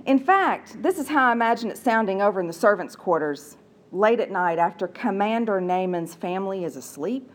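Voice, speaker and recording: A woman's voice: medium pitch, animated, moderate pace. A woman preacher telling a story in a sermon, with a conversational manner and playful asides.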